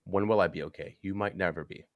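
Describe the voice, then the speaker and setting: A young man on a podcast, telling a personal story earnestly, haltingly, with frequent restarts. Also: deep voice, steady tone, no echo, dull audio. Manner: earnest, halting, with many restarts and "you know". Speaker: podcast guest.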